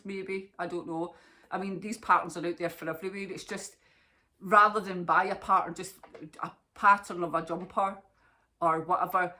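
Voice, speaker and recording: A woman's voice: medium pitch, fairly bright tone. Chatty woman filming on her phone. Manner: chatty, rambling, gushing. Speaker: knitting podcast host. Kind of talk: casual chat to camera.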